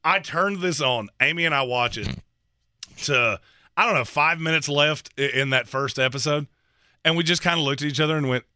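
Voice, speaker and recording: A man co-hosting a sports radio show in casual banter, ranting with animated, exaggerated complaints. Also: on the high side, moderate pace, no echo, clean studio sound.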